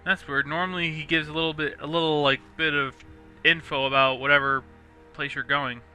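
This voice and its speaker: A young man casually rambling through gameplay commentary, chatty and quick to laugh. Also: fairly high pitch, fairly even intonation, sharp tone, faint music behind. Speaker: let's play host.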